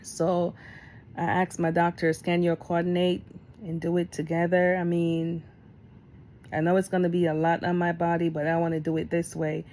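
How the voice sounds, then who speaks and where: A middle-aged woman talking candidly in a storytime vlog, getting animated as she retells events. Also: lowish voice, normal speed, slight background noise. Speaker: vlogger.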